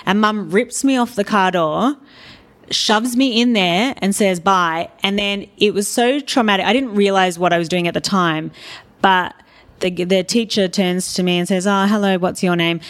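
A woman's voice: mid-range voice, moderate pace. An Australian woman speaking as an interview guest, telling stories candidly and with animation. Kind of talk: casual interview talk.

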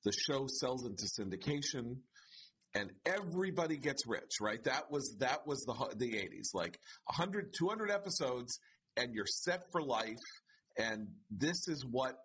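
A man's voice: medium pitch, big pitch swings, unhurried, fairly bright tone, slight background noise. A man co-hosting a casual conversation, building his points step by step.

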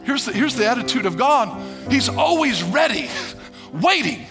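A male pastor preaching a sermon to a congregation, emphatic and animated, laughing as he goes. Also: extremely high pitch, normal speed, over music.

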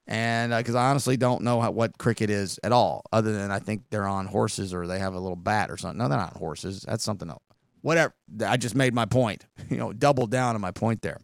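Gravelly man rambling on a podcast. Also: fairly low pitch, quick pace, dry recording, clean studio sound. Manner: rambling, conversational, frequent asides. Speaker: podcast host. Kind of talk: casual storytelling monologue.

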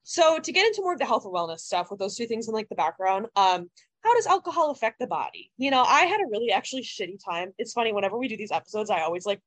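A woman's voice: fairly high pitch, big pitch swings, quick pace, no room sound. A young woman in her twenties co-hosting a podcast, talking casually with lots of "like" fillers and some casual swearing. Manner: chatty, heavy use of "like", casual swearing. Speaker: podcast co-host. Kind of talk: casual chat.

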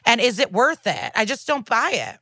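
A woman's voice: on the high side, big pitch swings, normal speed, sharp tone, no room sound, clean studio sound. A woman co-hosting a podcast, giving blunt, opinionated takes in casual chat. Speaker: podcast co-host.

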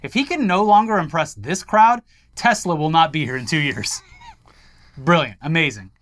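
A man's voice: fairly high pitch, expressive, normal speed, a bit bright. A man co-hosting a tech news show, reading articles aloud and adding wry jokes. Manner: wry, joking, reads quotes aloud. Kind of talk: casual tech news banter.

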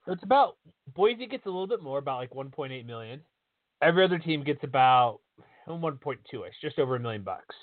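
A man's voice: medium pitch, very animated, fairly quick, dry recording. A man hosting a sports podcast in casual chat, rambling with frequent restarts. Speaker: podcast host. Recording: dry, tinny phone-like line.

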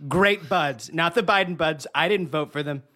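A man doing a boastful politician impression, repeating superlatives and "believe me" in a high voice. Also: moderate pace, bright, forceful tone.

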